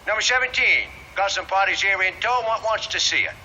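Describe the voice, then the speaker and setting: A jaunty guide. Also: male voice, high voice, a little fast, a little hiss or hum. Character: cheerful cockney man guiding visitors. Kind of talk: film musical acting. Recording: film soundtrack with loud music.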